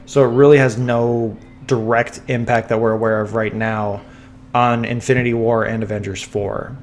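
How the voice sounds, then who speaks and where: This man co-hosts a casual home podcast through a sensitive studio mic, with a little hiss or hum in the audio. His medium-pitched voice is flat at a normal pace, yet he chats eagerly, rambling with fillers and restarts while fighting a dry cough.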